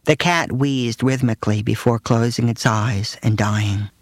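A man's voice: fairly low pitch, fairly even intonation, measured pace, darkish tone, no room sound. A man narrating his own first-person memoir in a dry, matter-of-fact way.

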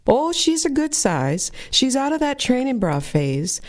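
A woman's voice: sits high, very animated, unhurried, voice pushed up. A woman voicing her doting, fussy middle-aged mother, gushing and insistent.

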